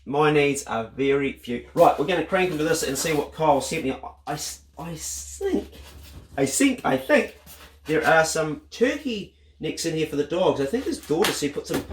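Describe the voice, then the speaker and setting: A New Zealand man vlogging casually, excitable and swearing freely as he unpacks a parcel. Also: fairly high pitch, normal speed, reverberant, slight background noise. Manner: excitable, swears freely, bursts into loud exclamations. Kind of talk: casual vlog unboxing.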